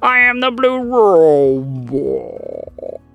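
A man voicing a proud, competitive male toy robot that speaks in flat, repeated robotic phrases. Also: fairly high pitch, drawn-out words, creaky, smooth, no room sound, faint music behind, heavily acted.

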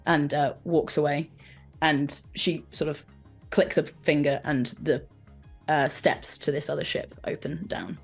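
A woman's voice: sits low, flat delivery, moderate pace, soft background music. A British woman who narrates a science-fiction tabletop game as game master and voices its non-player characters.

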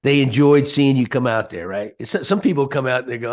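A man hosting a podcast chat, animated and folksy, often repeating his words. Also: medium pitch, fairly quick. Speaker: podcast host. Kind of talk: casual chat.

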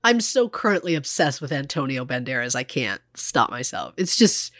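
A woman's voice: a bass voice, very animated, normal speed, fairly bright tone, no room sound. A woman co-hosting a casual true crime podcast, chatty, full of fillers and acted-out quotes, close to the mic. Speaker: podcast co-host.

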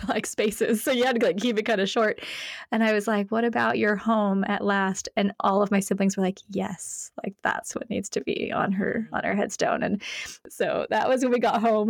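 Lively, animated woman telling stories. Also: medium pitch, no echo, studio quality. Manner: animated storytelling, acts out quoted phrases; laughs often while talking. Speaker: podcast guest, author. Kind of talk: casual interview chat.

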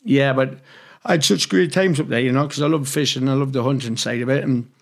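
A man's voice: medium pitch, brisk. Swearing man spinning rambling stories. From England. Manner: rambling, swears freely, acts out quoted dialogue. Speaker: guest. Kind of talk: casual storytelling interview.

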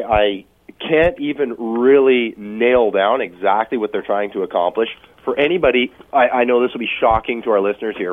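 A man co-hosting a radio talk show, explaining things in a halting way, with many fillers and hedges. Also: low-pitched. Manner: halting, hedging, filler-heavy. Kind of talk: casual radio chat. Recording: tinny phone-like radio audio.

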